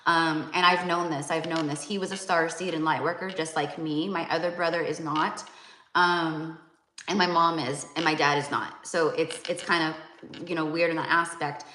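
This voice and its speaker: Low-voiced woman, rambling spiritual talk. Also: fairly even intonation, moderate pace, pushed and bright, reverberant. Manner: rambling, many fillers and restarts. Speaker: psychic medium tarot reader. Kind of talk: casual spiritual talk to viewers.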